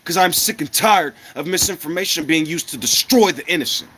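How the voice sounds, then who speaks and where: Slightly high and husky, this American man's voice is expressive and sharp, and he talks a little fast. Blunt and combative, he curses his way through an angry rant aimed at his viewers. He asks rhetorical question after rhetorical question, with an occasional cough breaking in.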